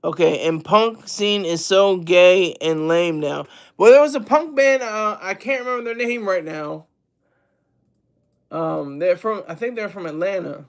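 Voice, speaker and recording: A man with a fairly high voice for his sex, talking off the cuff on a live stream. He rambles and circles back, repeating himself and stopping to react to his chat. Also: measured pace. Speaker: streamer and commentator.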